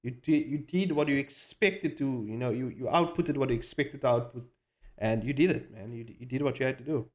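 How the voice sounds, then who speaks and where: Excitable, foul-mouthed man streaming his animation. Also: medium pitch, brisk. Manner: excitable, swears freely, hypes himself up; rambling with frequent restarts and slang. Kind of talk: casual live-stream chat while animating.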